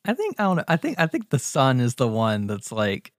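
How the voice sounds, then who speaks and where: A relaxed man muses over a script idea in casual chat, loose and thoughtful with plenty of fillers. His pitch sits in the middle, and the recording is dry and close. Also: brisk, dry recording. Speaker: co-writer brainstorming a short film.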